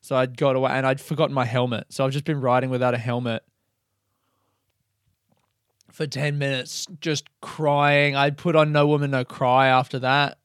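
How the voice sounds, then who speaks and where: A man's voice: mid-range voice, level tone, fairly quick, few pauses, clean tone, dry recording, studio quality. A young man hosting a podcast alone, telling a rambling story in a casual way, swearing freely and laughing at himself. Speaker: podcast host.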